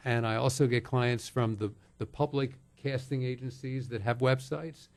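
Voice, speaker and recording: A man's voice: medium pitch, fairly even intonation, moderate pace, a little mellow. A middle-aged man, a voiceover actor, talking casually and jokingly as a guest on a chat show, with fillers and restarts.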